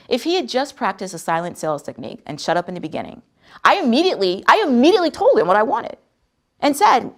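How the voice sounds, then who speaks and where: A woman's voice: mid-range voice, fast, gravelly. A woman host telling a personal story in a conversational, emphatic way. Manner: animated, conversational, emphatic retelling. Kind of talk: storytelling talk on sales.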